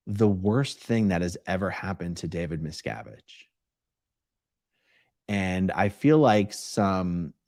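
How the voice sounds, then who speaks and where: A man's voice: lowish voice, no room sound, studio quality. A man hosting a casual live-stream Q&A, reading viewer questions aloud and answering them at length in a conversational way.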